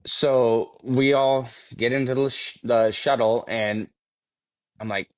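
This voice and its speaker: A man's voice: mid-range voice, fairly even intonation, takes it slowly, dry recording. A man guesting on a podcast, telling stories casually, swearing freely and laughing as he goes. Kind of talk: casual storytelling. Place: podcast studio.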